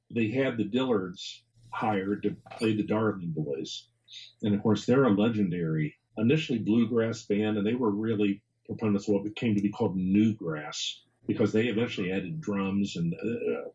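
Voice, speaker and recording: A man's voice: fairly low pitch, warm tone, lo-fi sound. A man being interviewed as an author and historian, talking casually, rambling, repeating words and chuckling often.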